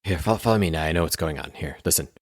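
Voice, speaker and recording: Stammering nervous young nobleman played by a man, low voice, dry close mic, tabletop role-play. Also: rapid-fire, no echo. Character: anxious young nobleman hero.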